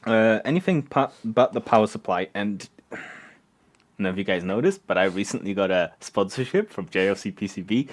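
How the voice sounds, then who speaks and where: A man hosting a casual live stream from his home workshop, rambling and halting with many fillers. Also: fairly low pitch, lively intonation. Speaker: streamer and electronics maker.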